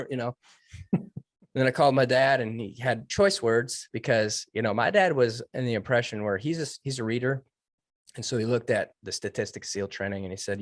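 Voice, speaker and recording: A man recounting his military training in an interview, earnest and emotional, with halting restarts. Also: medium pitch, dry recording, studio quality. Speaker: guest, former Navy SEAL trainee. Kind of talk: personal story told in an interview.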